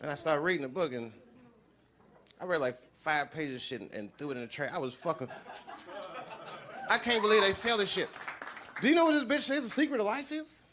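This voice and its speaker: A man doing a live stand-up set on a club stage, profane and animated, acting out other people as he talks. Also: high-pitched, brisk, pauses often, noisy background. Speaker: stand-up comedian. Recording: live club with loud crowd laughter. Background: loud audience laughter.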